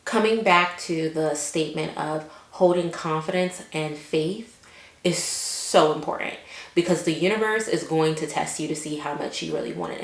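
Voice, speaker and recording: A woman with a low-pitched voice tells a personal story in a casual vlog style. She is chatty and animated, with plenty of fillers and quoted inner thoughts. The sound carries a roomy echo. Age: adult with children. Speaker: vlogger.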